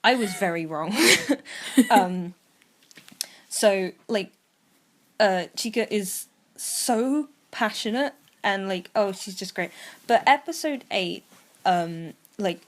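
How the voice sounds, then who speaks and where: A woman's voice: mid-range voice, expressive, takes it slowly, slight background noise. A young woman co-hosting a podcast, chatting casually with lots of fillers and acted-out quotes. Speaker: podcast co-host. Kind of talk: casual chat.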